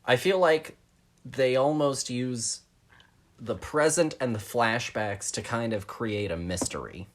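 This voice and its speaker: A man's voice: medium pitch, slow pace. A man co-hosting a film podcast in casual conversation. He talks things through thoughtfully, hedging, circling back and restarting his sentences as he goes. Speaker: podcast co-host.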